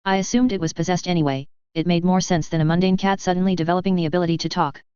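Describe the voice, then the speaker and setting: An audiobook narrator reading a fanfiction story aloud in an even, measured way, first with an author's note and then with the chapter. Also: mid-range voice, clean tone, no echo, dull audio.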